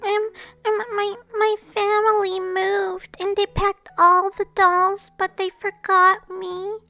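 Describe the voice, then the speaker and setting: A woman's voice: extremely high pitch, level tone, slow, bright, forceful tone, full character voice. A woman voicing a small lost girl doll who stammers through sobs, scared and alone. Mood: tearful. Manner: sobbing, stammering.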